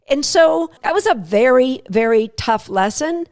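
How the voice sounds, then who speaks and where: A woman's voice: high-pitched, unhurried, hardly any pauses, a little mellow. A middle-aged woman hosting a dog training podcast, telling a personal story to her listeners in an earnest, emphatic way. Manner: earnest, emphatic, repeats words for stress.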